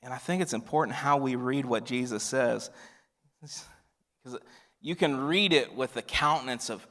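A male pastor preaching a sermon, swinging from loud emphatic lines to hushed near-whispers. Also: medium pitch, a little slow. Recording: long reverb of a large hall.

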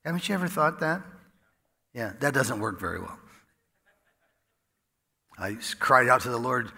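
A man preaching a sermon in a folksy storytelling way, dropping to a hush and then rising loud. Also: mid-range voice, expressive, fairly quick, long pauses. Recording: echoey hall with long reverb.

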